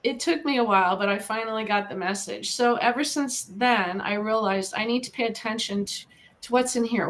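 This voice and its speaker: A middle-aged American woman with a fairly high voice talks as an interview guest. She tells her story in an earnest, lively way and encourages the listener. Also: brisk. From United States. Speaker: guest, animal communicator. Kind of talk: casual interview talk.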